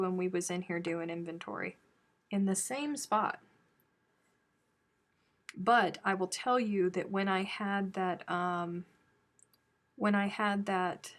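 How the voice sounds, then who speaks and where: Southern woman hosting a crochet live chat, chatty storyteller, mid-pitched, easygoing. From American South. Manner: chatty storytelling, animated when telling stories. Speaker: crochet live stream host. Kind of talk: casual live chat with viewers.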